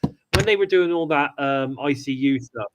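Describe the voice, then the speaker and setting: A man's voice: fairly high pitch, normal speed, noisy background. Man, podcast co-host, rambling casual chat, frequent restarts. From United Kingdom. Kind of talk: casual wrestling review chat.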